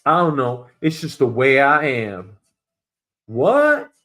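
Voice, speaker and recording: A man's voice: mid-range voice, huge pitch swings, slow, bright, forceful tone. A man hosting his own show, ranting profanely and animatedly about his boss and acting out office conversations. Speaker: show host. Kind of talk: comedic rant.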